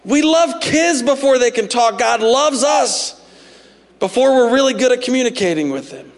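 Animated high-voiced pastor preaching. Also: male voice, normal speed. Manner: animated, jokey, acts out parents and God in voices. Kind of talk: sermon.

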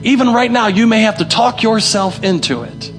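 A man's voice: high-pitched, lively intonation, normal speed, music in the background. A young male pastor preaching a sermon, emphatic and repeating his key phrases. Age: young adult. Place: church hall.

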